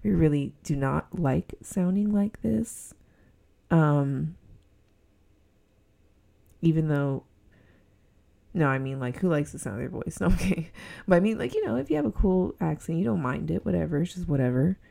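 A woman with a Southern Californian accent hosts a relaxed solo podcast indoors at home while a heater runs. Her low, creaky voice is warm and expressive at a moderate pace, with frequent pauses, giggly rambling, plenty of fillers, and a comment that she sounds snobby.

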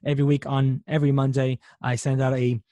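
An upbeat male podcast host who talks in a friendly, chatty way and drops plenty of ums. His pitch sits right in the middle for a man. The recording is dry and close, with no room sound. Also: level tone, a little fast, dark tone, no echo. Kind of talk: podcast intro and interview.

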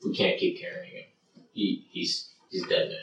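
A man's voice: moderate pace, lightly acted. A man voicing a serious, blunt male villager companion in a tabletop game. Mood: grim. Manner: serious, matter-of-fact. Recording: roomy, distant, noisy room.

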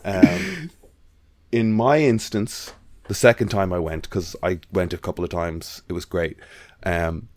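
A man's voice: low voice, a little slow, darkish tone. A man in casual chat, animatedly telling a story and acting out the voices of the people in it. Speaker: podcast guest.

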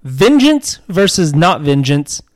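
A man's voice: on the high side, big pitch swings, slow. A man co-hosting a casual true-crime podcast, reacting with jokes and irreverent, playful asides. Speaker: podcast co-host.

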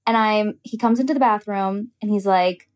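A woman's voice: medium pitch, moderate pace. A young woman hosting a podcast, telling a personal story in casual chat, candid and profane, laughing often.

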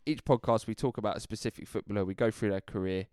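Chatty man with a smooth voice. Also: on the low side, fairly even intonation, fast talker, a little mellow, dry recording, clean studio sound. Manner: chatty, rambling with restarts and laughs. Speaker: podcast host. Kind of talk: casual chat.

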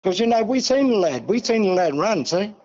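Older Aussie bloke, fairly high-pitched, folksy rambler, muffled lo-fi line. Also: male voice, big pitch swings, a little fast, a little mellow. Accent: Australian. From Australia. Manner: rambling, folksy, peppers talk with "see" and "mate". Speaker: guest. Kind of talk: casual storytelling.

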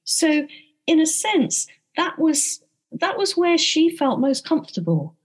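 A woman being interviewed about her book, speaking thoughtfully with frequent pauses and restarts. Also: high voice, sing-song. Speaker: author and interview guest. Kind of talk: conversational interview.

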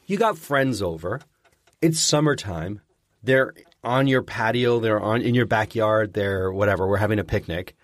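A man's voice: lowish voice, no room sound. A man co-hosting a casual chat show, easygoing and agreeable. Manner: easygoing, agreeable, lots of quick yeahs. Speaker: podcast co-host.

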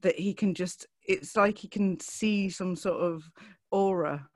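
A woman's voice: mid-range voice, a little slow, a little mellow, no echo. Chatty teasing woman from Lincolnshire. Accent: English, Lincolnshire. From Lincolnshire, England. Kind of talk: casual chat.

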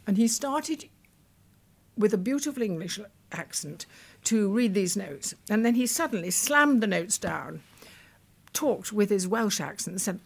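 This woman, an octogenarian British veteran broadcaster, has a mid-range, husky voice with vocal fry. As an interview guest she reminisces thoughtfully, often starting sentences over and quoting what others said.

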